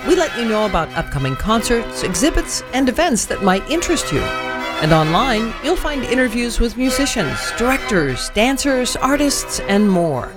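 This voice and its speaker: A woman's voice: on the high side, big pitch swings, moderate pace. A woman announcing a scripted radio station promo in an upbeat way. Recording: station promo with music bed.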